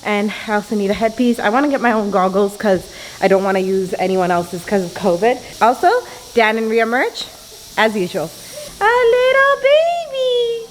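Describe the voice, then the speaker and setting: A woman's voice: mid-range voice, a little fast, slight background noise. Bubbly young woman vlogging at home. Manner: bubbly, giggly, chatty. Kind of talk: casual vlog chat. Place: family home, indoors.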